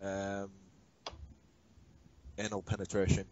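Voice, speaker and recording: A man's voice: deep voice, completely flat delivery, slow pace, muffled recording, slight background noise. Blunt northern English man. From England. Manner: blunt, swears freely. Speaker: podcast guest, former commissioner. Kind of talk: casual podcast chat.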